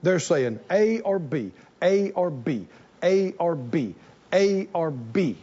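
Animated preacher man, lively high voice. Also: slow, breathy edge, dull audio. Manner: animated, repeating phrases for emphasis. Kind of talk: sermon. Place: church in front of a congregation.

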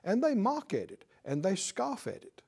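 A man preaching a sermon, slow and emphatic, hitting certain words loudly and chuckling now and then. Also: sits high, wildly swooping pitch, gravelly, breathy edge. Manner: slow, emphatic preaching with sudden loud stresses.

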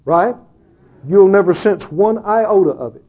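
A man preaches with a light, joking touch, chuckling and asking his listeners rhetorical questions. His voice sits high and has a husky grain. The recording is dull and lo-fi. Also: lively intonation, a little slow. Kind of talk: sermon.

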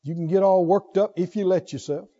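A man preaching a sermon, emphatic, swinging from loud exhortation to hushed intensity. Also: sits high, fairly even intonation, brisk. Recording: dull lo-fi sermon recording.

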